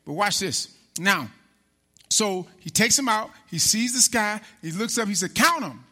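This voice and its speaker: A man preaching a sermon as pastor, animated, calling out to the congregation and acting out biblical figures. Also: high-pitched, a little slow. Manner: animated preaching with call-and-response; acts out biblical figures in quoted speech.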